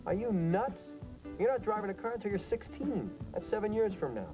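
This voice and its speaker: A man's voice: high voice, animated, brisk, over music, rough recording. A man doing wry stand-up comedy, telling jokes and playing a father in a sketch.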